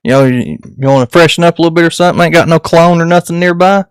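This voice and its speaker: A man's voice: on the high side, rapid-fire, clean tone, dry recording. A man, an easygoing podcast host chatting and asking folksy questions. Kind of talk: casual chat.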